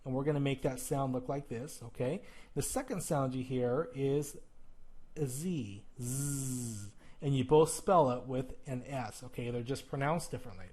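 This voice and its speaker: With a mid-range, darkish voice, a male teacher walks viewers through plural sounds in a video lesson, exaggerating his demonstrations and checking in with "okay?" as he talks right to the camera. He's recording while leafing through a textbook.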